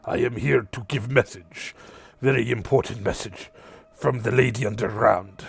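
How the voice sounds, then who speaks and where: A man voicing a small, spiky, muscular male creature messenger who speaks slow, broken English. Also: medium pitch, steady tone, vocal fry, husky, no room sound. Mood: deliberate.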